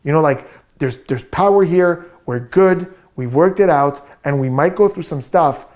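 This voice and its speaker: A man commenting on a video clip as a body language analyst, explaining gestures confidently in quick bursts. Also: a little high, a little mellow.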